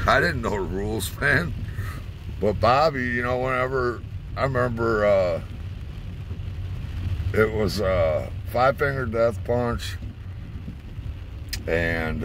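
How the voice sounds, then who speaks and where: A man's voice: fairly low pitch, lively intonation, slow, long pauses, a bit bright, a little hiss or hum. A man telling a rambling, profane story in a casual way, chuckling as he goes, from inside a car.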